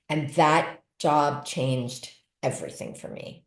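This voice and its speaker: A woman in her forties talks through her acting career on a video call, her low voice leaping up when she gets excited. The room around her is echoey. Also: unhurried, hardly any pauses. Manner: animated storyteller, bursts of laughter and big pitch jumps. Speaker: guest actor and dialect coach. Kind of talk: casual interview storytelling.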